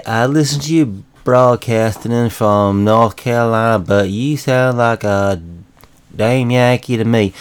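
A man voicing a blustering small-town Southern sheriff in a comedy radio bit, with a slow, slurry, pompous drawl and a Southern accent. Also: medium pitch, clean tone, lightly acted. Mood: indignant.

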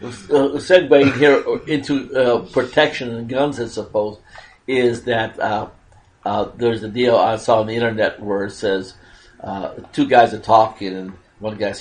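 A man's voice: mid-range voice, little pitch movement, measured pace, low-quality recording. A man in casual political chat, animatedly retelling jokes and acting out their voices.

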